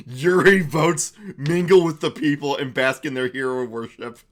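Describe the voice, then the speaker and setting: A man's voice: mid-range voice, unhurried. A young man narrating a tabletop game for a live-stream chat, chatty with frequent fillers and laughs.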